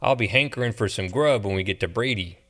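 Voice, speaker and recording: A man's voice: fairly low pitch, quick pace, a bit bright. A man reading a playful young man who fakes a redneck country drawl for fun. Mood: goofy.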